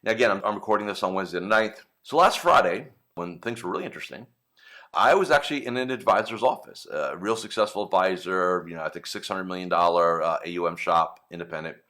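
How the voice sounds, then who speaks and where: Low-voiced man coaching advisors. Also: animated, fast talker, bright, forceful tone. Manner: conversational, frequent "right?" and "okay?" tags, acts out client calls. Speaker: financial advisor coach and show host. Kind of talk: casual coaching talk to camera.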